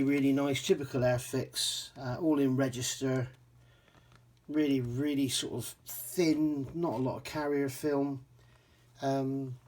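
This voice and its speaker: A man's voice: mid-range voice, darkish tone. A man from England casually reviewing a scale model kit, chatty with frequent ums and self-corrections.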